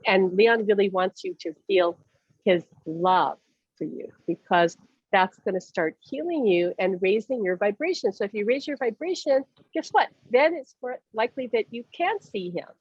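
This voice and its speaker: A woman giving a mediumship reading in a casual, animated way, often laughing and acting out what others say. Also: mid-range voice, normal speed, husky, no room sound, dull audio. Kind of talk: casual reading over a call.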